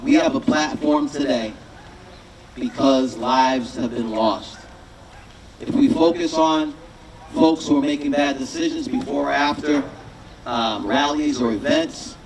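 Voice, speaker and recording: Male rally speaker outdoors, unhurried and rousing, distant mic, crowd behind. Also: mid-range voice. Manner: rousing, repetitive, leads a call-and-response chant. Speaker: rally speaker, city councilor. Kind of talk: rally speech. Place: outdoor sports field rally.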